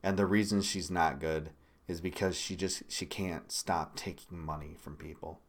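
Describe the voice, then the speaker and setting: A lower-voiced man from Michigan rants about politics on his own livestream. His delivery is blunt and peppered with swearing. He jumps from loud outbursts to muttered asides. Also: steady tone, normal speed. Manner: blunt, profane ranting with sudden loud bursts. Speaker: livestream host. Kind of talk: political commentary stream.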